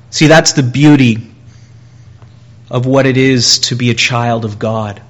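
A man delivers a sermon at an unhurried pace, his voice sitting at an ordinary middle pitch. He talks earnestly, with pauses and repeated phrases. When he voices a plea, his voice climbs higher and gets louder. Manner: earnest, with pauses and repetition, rising and louder in quoted pleas. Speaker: preacher.

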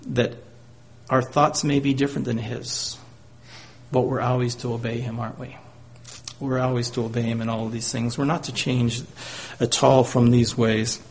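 A man's voice: mid-range voice, fairly even intonation, normal speed, vocal fry, darkish tone, a little hiss or hum. A man preaching a sermon, often closing his points with rhetorical tag questions to the congregation.

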